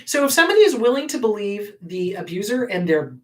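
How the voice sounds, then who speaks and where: Woman therapist-host, blunt and emphatic, hammers advice home; mid-pitched, mic a bit off. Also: sing-song, fast talker, distant mic. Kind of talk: live advice talk answering viewer questions.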